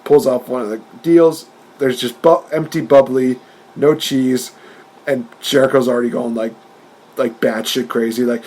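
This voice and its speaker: A man's voice: medium pitch, fairly even intonation, moderate pace, darkish tone, slight background noise. A man co-hosting a podcast in casual chat, retelling events animatedly and often laughing. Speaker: podcast co-host.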